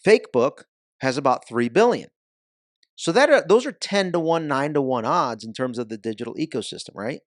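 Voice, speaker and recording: A man's voice: medium pitch, lively intonation, moderate pace, no echo, clean studio sound. A man talking as a podcast guest in a casual interview, with an emphatic, punchy delivery.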